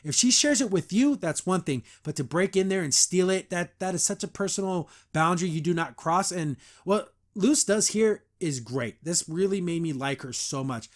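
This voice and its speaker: A young man hosting a casual podcast, retelling a cartoon episode in a chatty, excited way with frequent laughs. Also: high voice, moderate pace, few pauses. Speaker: podcast host.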